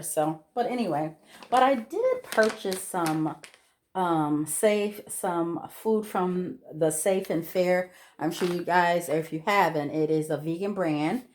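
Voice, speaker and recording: A middle-aged woman chats casually while cooking in her home kitchen for a vlog. Her medium-pitched voice is unhurried as she rambles, restarts sentences and fills gaps with ums.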